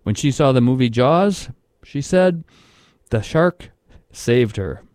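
Slow, measured male show host. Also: mid-range voice, lively intonation, darkish tone, no echo, clean studio sound. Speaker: radio host. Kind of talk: scripted narration.

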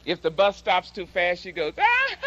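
A woman giving a slow, dramatic public speech and reciting poetry with emphatic delivery. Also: fairly low pitch, fairly bright tone, dull audio. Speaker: public speaker and poet.

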